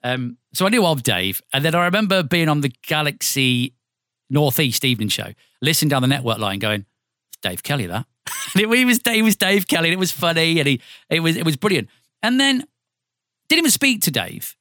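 A man with a Northampton accent spins radio anecdotes. His pitch swings widely as he acts out voices, and his tone is bright and forward. The sound is close and dry. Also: a little fast, no echo. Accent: Northampton English. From England. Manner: animated storyteller, acts out voices, swears freely. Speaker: radio presenter guest. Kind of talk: casual podcast interview.

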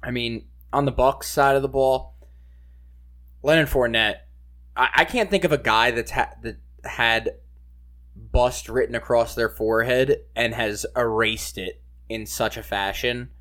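A man's voice: mid-range voice, a little slow, a bit bright. A man co-hosting a casual sports podcast, rambling and leaning on "like" and "you know". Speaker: podcast co-host.

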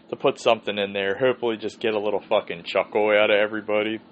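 Here a podcast host talks fast with few pauses in a lowish voice. His casual story rambles, is heavy on swearing and is punctuated by frequent laughter, all captured in dull, lo-fi sound with a faint hiss.

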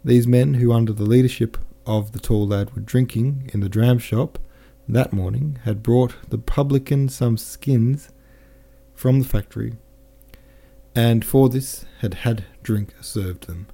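A man reading a classic novel aloud as a podcast narrator, measured and careful, now and then correcting himself. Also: medium pitch, vocal fry, warm tone, breathy edge. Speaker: audiobook narrator.

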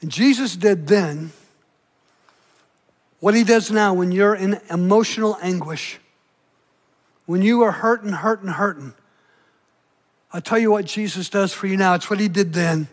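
A man preaching a sermon as pastor, impassioned, dropping to quiet intimate asides. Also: high voice, a little slow, long pauses. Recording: long reverb of a large hall.

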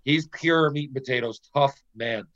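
A man's voice: medium pitch, moderate pace, highs cut off. A middle-aged Canadian man, a former pro hockey player, telling a casual anecdote with plenty of swearing and acted-out quotes. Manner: animated, profane storyteller who acts out quotes.

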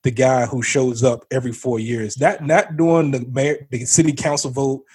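Male co-host, husky voice, animated storyteller, dry close sound. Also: medium pitch, normal speed, no room sound. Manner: animated storyteller, acts out arguments. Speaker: podcast co-host. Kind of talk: casual political chat.

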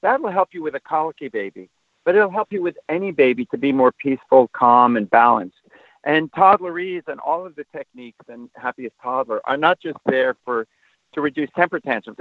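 A man answering interview questions as a parenting expert, explaining at length and turning animated when he shows how to talk to children. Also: mid-range voice, brisk, no echo. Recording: tinny phone line, dry.

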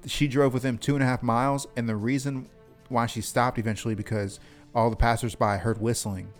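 A man's voice: mid-range voice, level tone, fairly quick. A man co-hosting a podcast, reading odd headlines aloud and riffing with plenty of profanity. His delivery is casual and jokey. Faint music sits under the talk. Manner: profane, joking, reads news stories aloud. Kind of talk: crude comedic chat.

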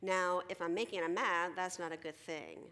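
Woman, middle-aged, counselor, conference talk, animated storytelling, lowish voice, long hall echo. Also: normal speed, clear, resonant tone. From Philadelphia. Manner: animated, conversational, acts out teens and herself in quoted dialogue.

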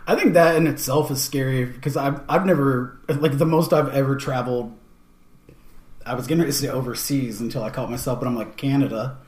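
A man chatting about films on a casual podcast, often stopping and restarting his thoughts. The room adds a clear echo to his voice. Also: medium pitch, a little fast, darkish tone. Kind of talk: casual film discussion. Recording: echoey room.

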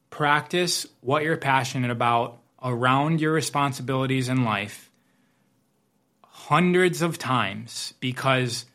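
Male coach, medium pitch, motivational monologue, reflective, repeats phrases for emphasis. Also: sharp tone. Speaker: business coach. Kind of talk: motivational talk.

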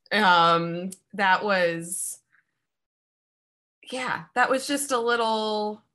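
A woman co-hosting a podcast, riffing playfully and deadpan through a casual comedic film review. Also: mid-range voice. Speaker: podcast co-host.

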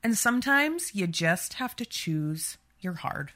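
A woman's voice: lowish voice, sing-song, slow pace, sharp tone. A woman from Canada co-hosting a podcast for a sexual assault centre, steering the casual conversation with short agreements and "Okay?".

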